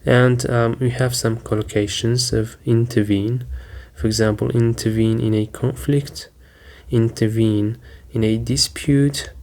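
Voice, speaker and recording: Slow, flat-voiced male teacher. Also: mid-range voice. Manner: slow, deliberate, with frequent "um" fillers. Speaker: English teacher. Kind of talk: vocabulary lesson.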